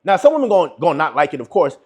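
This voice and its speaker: Husky high-voiced man giving blunt advice. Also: big pitch swings, very fast, darkish tone. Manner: emphatic, repetitive, addresses viewers as bro. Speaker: relationship advice vlogger. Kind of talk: casual advice monologue.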